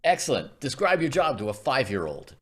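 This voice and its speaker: Lively, wry male interview host. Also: mid-range voice, a little fast, slightly rough. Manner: wry, joking. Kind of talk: casual video interview.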